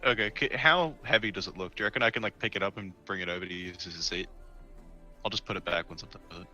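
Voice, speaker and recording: A man's voice: low-pitched, fast talker, bright, forceful tone, soft background music, low-quality recording. A man playing a tabletop game, talking in a jokey, casual way with some swearing. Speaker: player.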